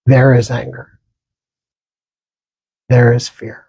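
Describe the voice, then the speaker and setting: A man giving a dharma talk as a meditation teacher, speaking gently with pauses and small restarts. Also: medium pitch, fairly even intonation, husky, no echo, low-quality recording.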